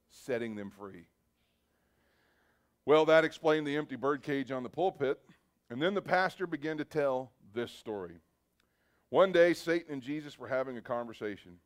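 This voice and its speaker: A man preaching at a church service, telling a story and leading prayer in an earnest, urging way. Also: mid-range voice. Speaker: pastor.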